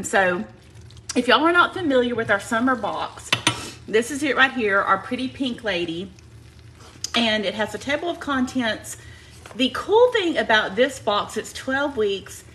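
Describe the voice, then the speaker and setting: A Southern woman from Alabama hosting a live home cooking stream in her kitchen. She chats in a folksy way, greets viewers by name and says y'all a lot. Allergies have her clearing her throat. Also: mid-range voice, a bit bright, a little hiss or hum, rough recording. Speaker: live cooking show host.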